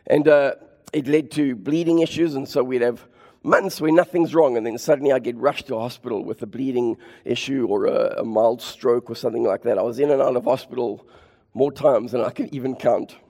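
A man preaching a sermon and telling his own story, impassioned, repeating phrases for emphasis and building to near shouts. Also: mid-range voice. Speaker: preacher sharing his testimony. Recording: long hall reverb.

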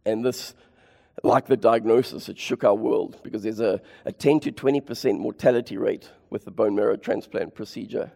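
A man preaching a sermon and telling his own story, impassioned, repeating phrases for emphasis and building to near shouts. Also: lowish voice, brisk, vocal fry. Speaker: preacher sharing his testimony. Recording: long hall reverb.

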